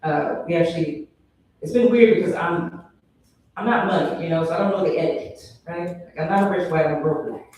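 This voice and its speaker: A man performing a stand-up set, breaking into shrill high mock voices when he quotes people. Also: a little fast, a little mellow, a little hiss or hum. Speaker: stand-up comedian. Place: comedy venue stage. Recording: very echoey hall from a distance.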